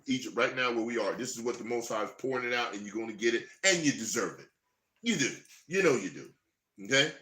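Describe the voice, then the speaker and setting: A man preaching, reading scripture verses slowly and then breaking into heated, emphatic commentary. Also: medium pitch, bright, forceful tone, echoey room.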